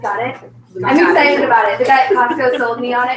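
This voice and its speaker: A woman's voice: sits high, fast. A woman leading a sales team meeting, chatty and bubbly, full of "like" and "um". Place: meeting room, indoors. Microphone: recorded from across the room. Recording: echoey room from far off.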